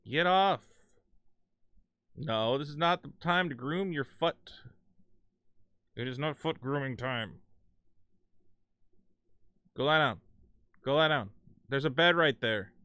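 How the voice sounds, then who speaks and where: A man's voice: mid-range voice, slow pace, long pauses, bright, forceful tone, dry recording. A man streaming a video game, chatting casually, rambling and swearing, and scolding his cat. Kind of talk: casual live gaming stream chat.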